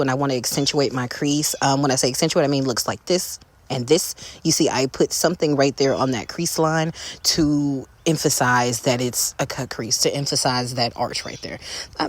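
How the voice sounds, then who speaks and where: A makeup creator talking viewers through a step-by-step tutorial in a sassy, playful, chatty way, often jumping up high for flourishes.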